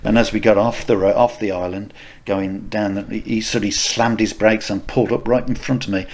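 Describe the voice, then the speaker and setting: A man's voice: on the low side, fairly even intonation, fairly quick, darkish tone, slight background noise. A middle-aged man co-hosting a podcast, telling anecdotes casually with many restarts and laughs. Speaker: podcast co-host. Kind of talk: casual chat, storytelling.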